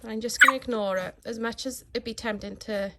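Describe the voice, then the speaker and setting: Calm gravelly woman giving puppy tips. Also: fairly high pitch, fairly quick, heavy background noise. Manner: calm, steady, instructive. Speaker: dog breeder. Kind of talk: casual how-to vlog. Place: living room at home.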